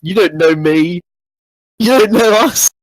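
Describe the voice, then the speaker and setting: A jumpy, frightened little girl, put on by a man at a tabletop game, shrill and panicky in her protests. The voice sits above a typical man's pitch and sounds dry and close. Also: a little slow, no echo, low-quality recording. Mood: defiant.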